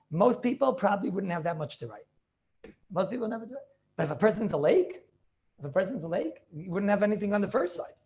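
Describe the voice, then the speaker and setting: A man's voice: high-pitched, gravelly, a little mellow. A man in his forties, a rabbi teaching an informal class over a video call, stressing points by repeating them and asking rhetorical questions. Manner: emphatic, repetitive preaching with rhetorical questions.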